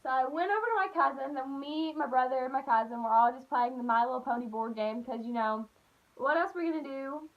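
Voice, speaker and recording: A young woman telling a childhood story on her vlog, animated and full of "like", acting out the voices. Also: high voice, a little fast. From Appalachian United States. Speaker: vlogger. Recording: dull lo-fi recording.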